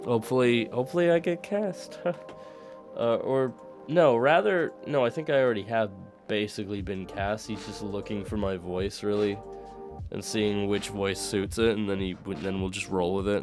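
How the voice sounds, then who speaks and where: A man's voice: lowish voice, moderate pace, faint music behind. A young man who grew up in the UK, talking in a mixed American-sounding accent, chatting casually on a stream, rambling and laughing, with light swearing. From United Kingdom. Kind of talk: casual chat to live chat.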